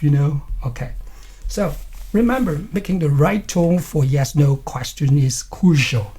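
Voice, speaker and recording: A man's voice: fairly high pitch, mellow, slightly rough. A man teaching an English lesson, acting out example phrases to show intonation and often adding "you know" and "okay".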